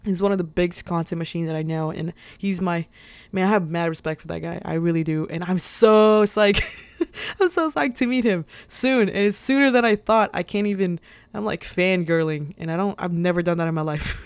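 A woman's voice: lowish voice, moderate pace, clear, resonant tone, no room sound. A young woman hosting a podcast, talking casually and motivationally with lots of fillers and frequent laughs. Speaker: podcast host.

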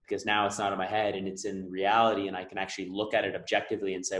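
A man's voice: low voice, level tone, rapid-fire, fairly bright tone, echoey room, rough recording. A man hosting a podcast, earnestly explaining ideas with analogies in a reflective conversation. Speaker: podcast host.

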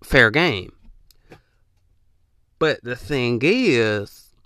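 A young man holds forth on his podcast in a loose, rambling monologue, leaning on slang and repeating himself for emphasis. His voice has a bright, forward edge at a middling pitch. The recording is dry and close, with no room sound. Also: lively intonation, drawn-out words, no echo. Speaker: podcast host. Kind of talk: casual monologue.

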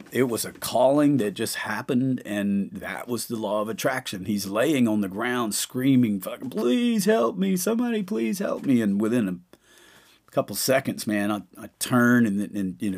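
A middle-aged man hosting a podcast, telling stories in a rambling, profane, casual way full of fillers. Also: fairly low pitch. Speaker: podcast host. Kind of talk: casual storytelling monologue.

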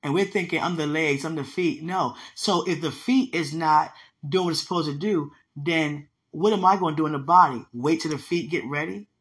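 A woman's voice: deep voice, normal speed. A woman preaching in an emphatic, conversational way, teaching from a dream with repeated phrases. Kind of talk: sermon-style teaching about a dream.

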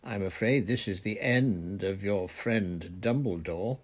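A man voicing a blustering middle-aged male official who yells and sneers. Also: fairly low pitch, slow, breathy edge. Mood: nasty. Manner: yelling, nasty.

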